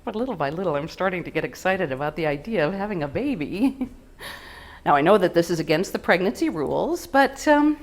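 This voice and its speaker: A woman performing a self-mocking comedic stage monologue with an animated delivery. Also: fairly low pitch, brisk.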